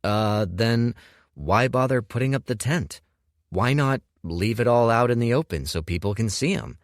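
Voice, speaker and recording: A man's voice: medium pitch, animated, moderate pace, dry recording, pitched above the performer's own voice, lightly acted. A man voicing a wry young male apprentice who makes dry, skeptical remarks.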